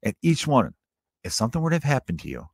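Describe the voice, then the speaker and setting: His medium-pitched voice swoops wildly as he speaks quickly: a podcast host in his thirties spinning rambling, profane stories. The casual monologue, full of self-interruptions, comes through studio-clean with no echo.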